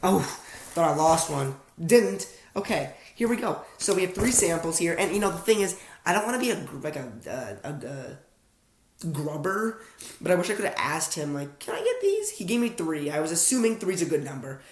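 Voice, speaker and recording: A young adult American man reviews fragrances in a casual unboxing vlog, speaking at normal speed in a slightly high, animated voice. He rambles self-awarely to his viewers from a room at home at night, and the echoey recording has a faint hiss or hum.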